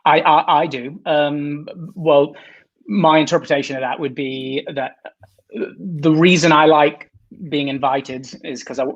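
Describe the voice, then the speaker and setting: A man's voice: on the high side, steady tone, a little slow, muffled recording. A man in his forties, a guest on a video-call chat, talking in a rambling, self-deprecating way with many restarts.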